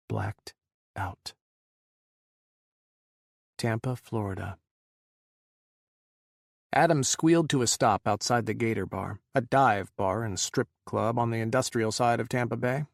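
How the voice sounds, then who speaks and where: Man reading a novel aloud, creaky low voice, dry close sound. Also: no room sound. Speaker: audiobook narrator. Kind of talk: scripted narration.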